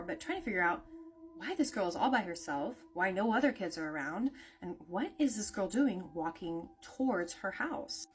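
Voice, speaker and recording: A woman telling a spooky story in a casual, conversational way, with lots of "like" and "naturally". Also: mid-range voice.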